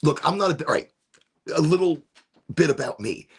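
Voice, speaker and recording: A middle-aged man from Chicago telling a rambling story on a live stream, animated and swearing, with sudden shouts when he acts out voices. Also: fairly high pitch, normal speed. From Chicago, USA. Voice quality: gravelly and husky. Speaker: streamer hosting a smoke session.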